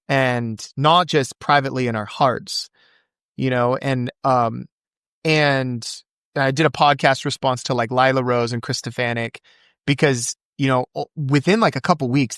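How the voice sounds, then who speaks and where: A man speaking as a podcast guest in casual conversation, fervent and quick to recite scripture from memory. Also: a bit bright, no echo, studio quality. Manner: acts out quoted voices with big pitch jumps.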